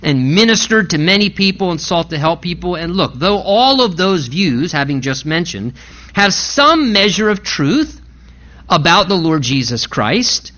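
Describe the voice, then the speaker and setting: A man's voice: sits high, sharp tone, muffled recording. A man preaching a sermon, earnest and emphatic, repeating his questions to drive each point home. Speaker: pastor.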